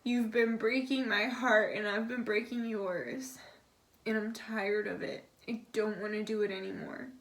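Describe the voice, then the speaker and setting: A woman's voice: a little high, fairly even intonation, measured pace. Chatty young woman reading tarot cards. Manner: chatty, relaying messages in a soft confiding tone, swears casually. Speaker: tarot reader. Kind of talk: casual channeled tarot reading.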